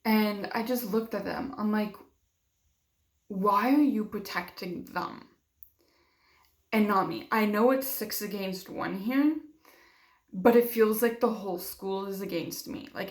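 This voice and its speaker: A young vlogger tells an emotional personal story in a mid-range, unhurried voice, acting out what other people said to her. She uses lots of fillers, and the recording has a roomy echo.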